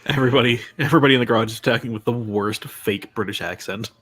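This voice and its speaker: A man's voice: medium pitch, very fast, a bit bright, breathy edge. A man hosting a casual live stream, chatting loosely with many fillers and restarts. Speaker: stream host.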